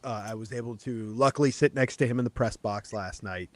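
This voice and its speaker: A man's voice: medium pitch, a little fast, dry recording. A man with a mid-range voice hosts a casual sports podcast chat. He keeps things easygoing and moves the conversation along with questions. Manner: easygoing, leads the talk with questions.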